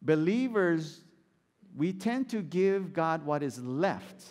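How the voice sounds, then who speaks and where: Animated male pastor in a reverberant hall. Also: fairly high pitch, slow pace. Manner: animated, rhetorical questions to the congregation. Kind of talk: sermon.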